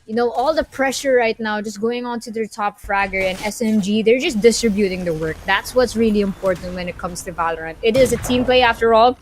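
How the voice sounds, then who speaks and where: A woman giving live play-by-play commentary on an esports match, excitable and quick to exclaim at big plays. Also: mid-range voice, slight background noise. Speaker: esports caster.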